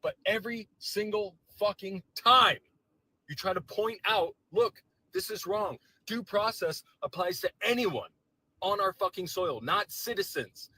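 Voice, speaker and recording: A man's voice: high voice, expressive, unhurried, pushed and bright, dry recording, poor audio. A man delivering a heated, profane and sarcastic political rant to camera, visibly agitated. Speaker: political commentator.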